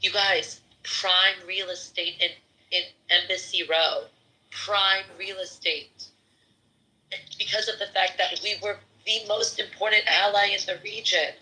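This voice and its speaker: A woman's voice: medium pitch, fairly even intonation, normal speed, sharp tone, rough recording. A woman hosting a podcast, talking passionately and emotionally, with casual swearing. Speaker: podcast host. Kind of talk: casual livestream chat, translating for guests.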